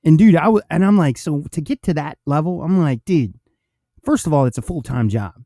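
A man co-hosting a police podcast, chatting casually in an animated way, laughing often and swearing. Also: fairly high pitch, a little fast, no room sound, studio quality. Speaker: police officer podcast co-host. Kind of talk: casual banter.

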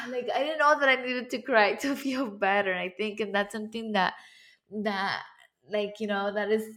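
A woman's voice: mid-range voice, steady tone, normal speed. A woman hosting a podcast in casual conversation, chatty and mixing in Spanish words. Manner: chatty, warm-hearted, mixes in Spanish words. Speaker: podcast host.

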